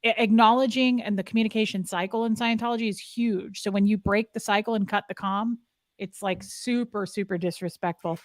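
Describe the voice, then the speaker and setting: A woman's voice: mid-range voice, steady tone, fairly quick, dry recording. Candid woman co-host, dry close sound. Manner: candid, storytelling, mimics clipped commands. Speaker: podcast co-host. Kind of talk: casual chat.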